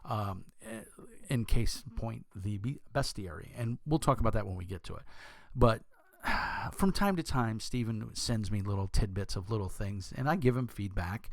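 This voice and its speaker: A young man with a deep voice, talking casually as a channel host, rambling with many fillers and restarts. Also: lively intonation, normal speed, gravelly, no echo. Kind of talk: casual talk to camera.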